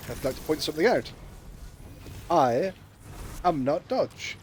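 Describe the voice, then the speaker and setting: A man's voice: on the high side, lively intonation, measured pace, darkish tone, a little hiss or hum. A man streaming a game, chatting casually with friends and joking around. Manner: joking, laughs a lot, tells dad jokes. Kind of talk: casual gaming chat with friends.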